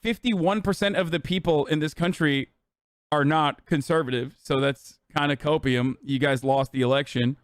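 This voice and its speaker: A man doing casual livestream commentary, profane, sarcastic and animated. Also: fairly high pitch, moderate pace, no echo, studio quality. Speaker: streamer.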